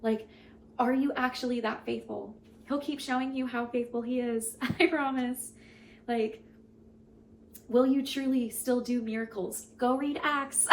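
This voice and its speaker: An earnest young woman with a fairly high voice reads scripture aloud, then reflects on it in a chatty, heartfelt way. A faint hiss of room noise sits under her voice. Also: darkish tone, low-quality recording. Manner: earnest, emotional, chatty asides with "like". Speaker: Bible reading host.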